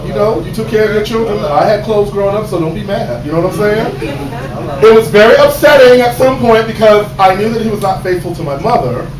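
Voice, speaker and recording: A man telling a stand-up comedy story, animated, swinging from quiet asides to shouted punchlines, on a stage. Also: high voice, brisk, crowd noise. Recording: roomy live stage sound from a distance, audible noise.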